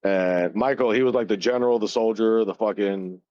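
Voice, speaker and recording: Crowd noise sits behind a man in his thirties whose voice is on the low side and moderately paced. As a podcast co-host, he casually retells a story with constant swearing and frequent laughter. The sound is dull, dry and lo-fi.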